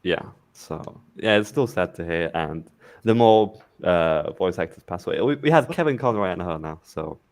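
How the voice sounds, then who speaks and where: A man's voice: low-pitched, animated, moderate pace, no echo. A British man chatting casually as a guest on a live stream, laid-back and hesitant. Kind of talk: casual chat.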